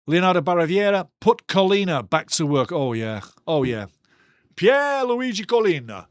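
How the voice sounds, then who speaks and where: Guy hosting a soccer watchalong, fired up and ranty, kinda high voice, dry close sound. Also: very animated, normal speed, no room sound. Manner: passionate, ranting, chatty. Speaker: watchalong host. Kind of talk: live football watchalong commentary.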